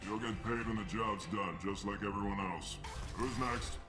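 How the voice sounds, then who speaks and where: A blunt male mercenary recruiter from a video game, voiced by an actor. He talks in a low, curt, businesslike way, laying out terms without warmth. Game music plays behind him. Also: moderate pace, natural voice. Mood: gruff.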